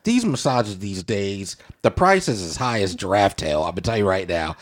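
A man's voice: lowish voice, big pitch swings, normal speed. A young adult man hosting a podcast, talking in a playful, digressive, joking way. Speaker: podcast host. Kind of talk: casual comedic chat.

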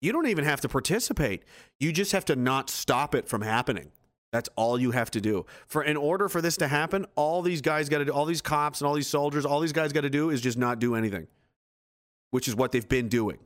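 A man's voice: a little high, expressive, fairly quick. A man hosting a casual livestream, reading viewer comments aloud and answering with blunt, profane, exasperated rants.

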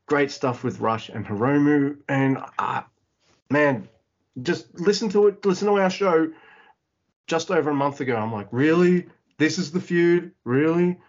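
A man co-hosting a podcast in casual chat, profane and excitable, laughing often, on slightly dull lo-fi audio. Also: fairly high pitch, normal speed. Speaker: podcast co-host.

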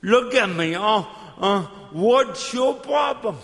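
A middle-aged man with slurred, effortful speech, preaching a slow, emphatic sermon with call-and-response. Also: sits high, animated, fairly bright tone. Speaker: evangelist. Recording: long hall reverb.

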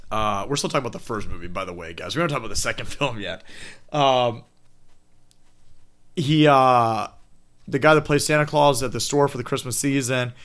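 A man with a bright, forward voice is telling a horror film's plot to his co-host. He swears freely, laughs often and jumps between details as they come to him. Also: medium pitch, brisk, pauses often. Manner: animated storytelling with swearing and laughs. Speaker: podcast co-host. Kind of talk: casual chat recapping a horror film.

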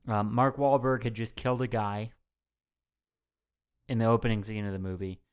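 A man's voice: on the low side, normal speed, clean tone. A man co-hosting a casual movie podcast, retelling the plot with lots of swearing and laughter. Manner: animated, swearing, laughs often. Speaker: podcast co-host.

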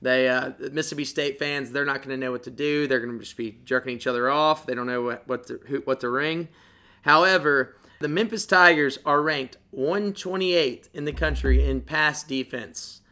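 A man's voice: mid-range voice, normal speed, bright, forceful tone. A man co-hosting a podcast, emphatic and crude-humored as he talks sports bets. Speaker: podcast co-host. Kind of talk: casual sports betting chat.

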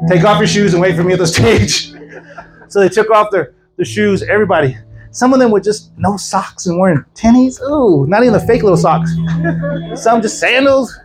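A man preaching as an evangelist, telling healing stories with laughter and quick acted asides. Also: sits high, soft background music, poor audio. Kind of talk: preaching a testimony sermon.

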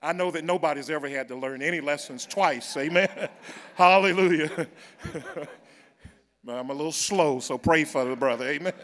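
A fervent male preacher, his voice sitting a little high for a man, telling a personal story in a church. He swings from low, confiding storytelling to loud, drawn-out shouts of praise. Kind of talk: sermon testimony.

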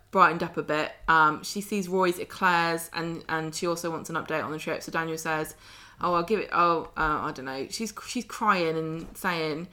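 A woman's voice: fairly low pitch, sharp tone. A woman with a southern English accent chatting casually as a podcast co-host, recapping a soap with sarcastic asides. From southern England.

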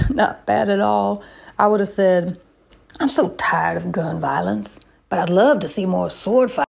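A woman hosting a comedy show, trading deadpan banter and puns. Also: medium pitch, measured pace, creaky, breathy edge. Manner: deadpan, punning.

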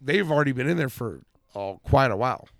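A young man talks in slangy, profane casual chat with a gravelly, fry-edged voice. His tone is bright and pushed, and the recording is dry. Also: mid-range voice, lively intonation, a little fast, no room sound.

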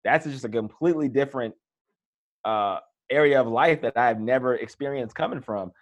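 A man's voice: medium pitch, moderate pace. A man, a former pro football player, casually telling his career story in an interview, acting out the voices he quotes. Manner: relaxed, animated retelling with quoted voices. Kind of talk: conversational storytelling.

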